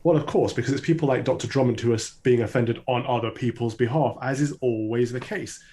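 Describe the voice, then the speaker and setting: A male commentator argues his case with brisk confidence. He talks quickly and presses each point with assurance. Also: medium pitch, mellow. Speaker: commentator guest. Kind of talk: opinion radio debate. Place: remote link.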